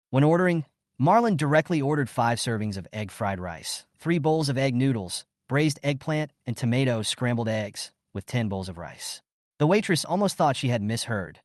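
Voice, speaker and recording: A man reading a story recap as scripted narration, in a lively storytelling way. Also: medium pitch, normal speed, dry recording, studio quality.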